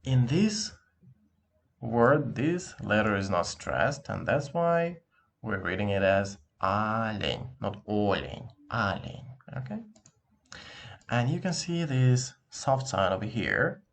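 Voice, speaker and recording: A man teaching a language lesson, patient and encouraging, repeating words slowly to show how they sound. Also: on the low side, sing-song, gravelly. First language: Russian. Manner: slow, drawn-out demonstration pronunciations. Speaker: Russian teacher.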